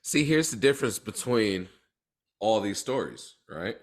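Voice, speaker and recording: A man's voice: lowish voice, sing-song, a little slow. A man co-hosting a casual podcast chat, venting with emphatic repetition and indignation. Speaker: podcast co-host.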